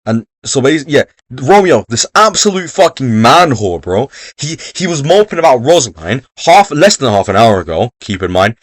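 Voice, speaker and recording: A man's voice: medium pitch, very animated, moderate pace, hardly any pauses, no room sound, clean studio sound. Rambling, swearing young man. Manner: rambling, profane, jokey. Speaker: revision video host. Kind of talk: casual exam revision talk.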